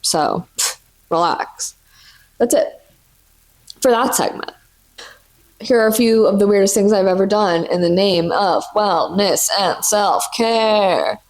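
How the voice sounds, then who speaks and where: A woman's voice: mid-range voice, takes it slowly, long pauses. A woman in her twenties hosting a casual solo podcast from home, chatting freely with lots of swearing and "like" fillers. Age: 20s. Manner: chatty, profane, many "like" fillers. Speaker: podcast host. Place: sitting on the floor at home.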